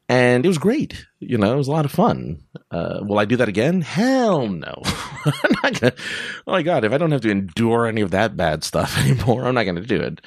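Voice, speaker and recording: A man's voice: lowish voice, dry recording, studio quality. A man hosting a podcast in a casual, rambling monologue, going off on tangents and laughing often. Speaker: podcast host.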